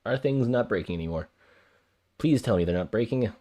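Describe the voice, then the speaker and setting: A man with a fairly low, mellow voice speaks fairly quickly with lively intonation. He's streaming a visual novel live, chatting with viewers and reading the narration aloud, sounding flustered and prone to repeating himself.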